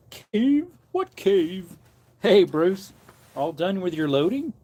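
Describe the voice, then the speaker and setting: A man's voice: high-pitched, very animated, slow, warm tone. A man who preaches, chatting casually on a livestream from an outdoor porch and wandering between topics as he reads comments aloud.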